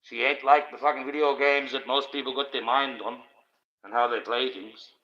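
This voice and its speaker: A man's voice: medium pitch, steady tone, moderate pace, pushed and bright. A man from Australia who hosts a livestream and gives a profane, rambling monologue, swearing often and repeating himself. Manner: coarse, swearing, repetitive ranting. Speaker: livestream host. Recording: dull lo-fi stream audio.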